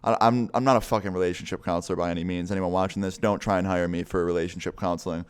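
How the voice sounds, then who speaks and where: Casual, swearing male storyteller, lowish voice. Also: fairly even intonation, rapid-fire, clean tone. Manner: casual, rambling, swears often. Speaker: vlogger. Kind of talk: story time vlog.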